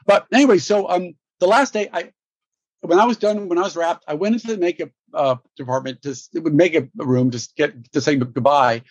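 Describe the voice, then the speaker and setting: Lively man telling stories, lo-fi sound. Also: fairly high pitch, fairly quick, no echo. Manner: animated, many restarts and laughs. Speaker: guest actor. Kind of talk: storytelling interview.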